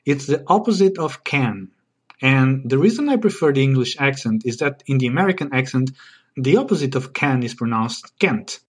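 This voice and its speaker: A man's voice: medium pitch, animated, moderate pace, breathy edge. Playful man with a Portuguese accent. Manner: playful, mock-exasperated, self-deprecating. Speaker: podcast host. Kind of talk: comic monologue podcast.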